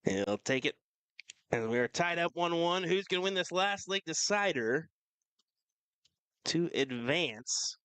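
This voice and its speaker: A man's voice: fairly high pitch, measured pace, long pauses, smooth, no echo. Man co-commentating darts, teasing. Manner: relaxed, teasing banter. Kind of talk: live sports commentary.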